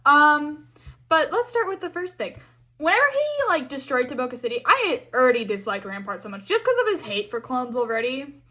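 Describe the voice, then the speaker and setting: A woman's voice: high voice, sing-song, brisk, sharp tone. A young woman giving a casual, exasperated fan rant full of fillers and acted-out quotes. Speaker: fan commentator.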